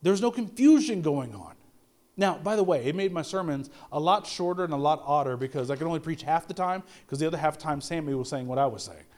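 A man's voice: a little high, lively intonation, fast, darkish tone. A middle-aged man preaching a sermon as pastor, conversational, stammering on restarts and asking rhetorical questions.

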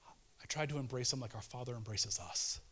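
A man in his thirties giving a casual, earnest devotional sermon, pleading with listeners and swinging between fervent urgency and hushed tenderness. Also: mid-range voice, brisk, husky. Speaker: preacher.

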